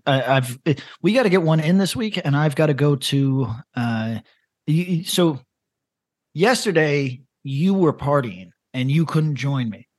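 A man's voice: on the high side, no room sound. A man co-hosting a podcast in casual chat, rambling and laughing as he reads grim stories aloud. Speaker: podcast co-host.

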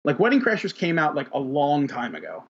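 A man with a husky, slightly raspy voice hosts a podcast in loose, casual chat. He rambles, stacks up filler words and swears freely. The recording sounds dull and lo-fi. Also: fairly high pitch, wildly swooping pitch, fairly quick. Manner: rambling, heavy on fillers, profane. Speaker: podcast host.

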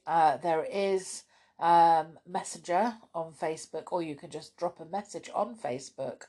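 A woman with a low, unhurried voice hosts a children's story podcast. She reads storybooks aloud expressively and chattily, dropping in soft asides.

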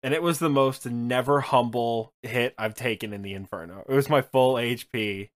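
A man co-hosting a casual gaming podcast, telling stories in an animated way, laughing and swearing now and then. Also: mid-range voice, normal speed. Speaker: podcast co-host. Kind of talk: casual chat about a video game.

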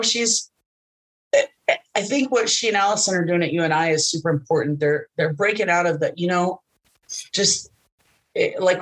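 Chatty, animated middle-aged woman. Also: on the low side, rough recording. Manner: animated storyteller, laughs often, acts out quoted voices. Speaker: interview guest, wrestling announcer. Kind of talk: casual chat.

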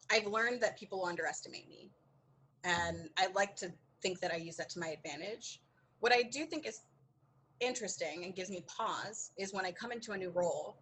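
Bright-voiced woman telling a story. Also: mid-range voice, a little hiss or hum, rough recording. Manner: animated, acts out quoted dialogue, laughs often. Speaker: podcast guest. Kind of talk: candid conversational storytelling.

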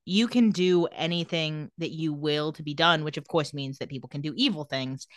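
A woman's voice: sits low, normal speed, dry recording, studio quality. A woman co-hosting a podcast, recapping a TV episode in casual chat with sassy asides.

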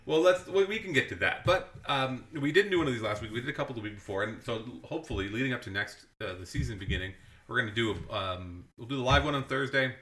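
A man's voice: mid-range voice, expressive, fast talker, pushed and bright, echoey room. A man co-hosting a podcast, chatting casually about baseball with dry humor and plenty of self-corrections. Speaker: podcast co-host. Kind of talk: casual sports chat.

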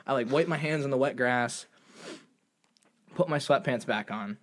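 A young man telling a funny story in casual chat, animated and profane, jumping into high voices when he quotes himself. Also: normal speed. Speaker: storyteller guest.

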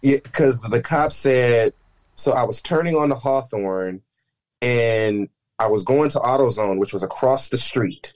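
A man co-hosting a podcast in casual chat, chiming in quickly with comments. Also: mid-range voice, poor audio. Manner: chatty, quick interjections and backchannels. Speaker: podcast co-host.

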